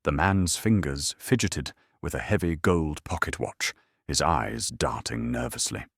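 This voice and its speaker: A man reading a mystery story in a steady, descriptive narration. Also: very deep voice, a little slow, no echo, clean studio sound. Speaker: audiobook narrator. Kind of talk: scripted narration.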